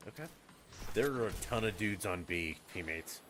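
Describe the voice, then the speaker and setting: Deep-voiced, swearing male streamer. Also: expressive, normal speed, noisy background. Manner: rambling, swears freely. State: has been drinking. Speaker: game streamer. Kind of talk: casual live-stream chat.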